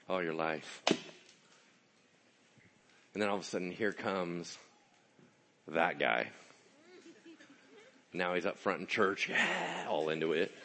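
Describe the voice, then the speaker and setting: A man's voice: low voice, takes it slowly, pauses often, a little hiss or hum. A male pastor preaching a sermon in church, acting out voices, joking and asking the crowd questions. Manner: animated, acts out voices, jokes and asks the crowd.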